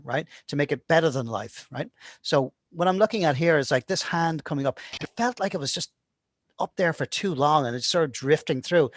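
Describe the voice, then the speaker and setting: A man's voice: on the high side, no echo, studio quality. A man explaining his animation polishing process in a casual tutorial, often checking in with "right?". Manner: casual, keeps asking "right?". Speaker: animation instructor. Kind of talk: screen-recorded tutorial talk.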